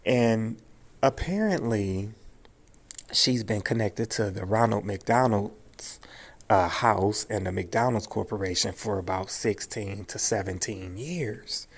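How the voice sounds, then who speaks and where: A man's voice: on the low side, slow pace, gravelly. A man delivering a rambling, emphatic, profane monologue straight to his viewers. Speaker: vlogger airing grievances. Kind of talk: casual direct-to-camera monologue.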